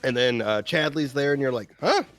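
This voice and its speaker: A man's voice: mid-range voice, a little fast, fairly bright tone, soft background music. A man co-hosting a podcast, recapping game scenes in a casual, profane way with many fillers. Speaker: podcast co-host. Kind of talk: casual gaming chat.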